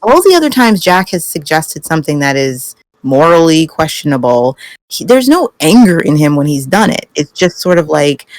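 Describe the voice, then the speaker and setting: A woman's voice: low-pitched, moderate pace, no room sound. A woman on a fan podcast panel, chatting animatedly and acting out characters. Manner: animated, acts out characters with laughter. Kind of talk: casual chat.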